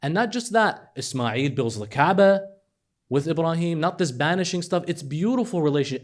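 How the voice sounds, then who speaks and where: A man preaching a lively sermon, retelling stories with acted dialogue and swinging from hushed lows to animated highs. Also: normal speed. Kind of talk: religious sermon.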